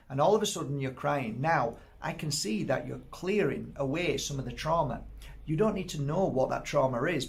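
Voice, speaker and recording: A man's voice: medium pitch, vocal fry. A man, a crystal healer, giving a casual spiritual teaching talk, speaking straight to the listener and repeating and listing his words.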